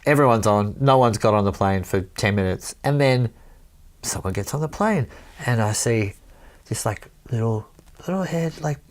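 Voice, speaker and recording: A man's voice: lowish voice, lively intonation, moderate pace. A Welsh man from Wales telling a rambling story in casual chat, laughing often and swearing now and then.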